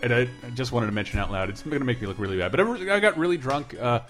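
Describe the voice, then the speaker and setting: A man co-hosting a podcast, chatting casually in a rambling, animated way and swearing now and then. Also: medium pitch, racing, soft background music. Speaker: podcast co-host.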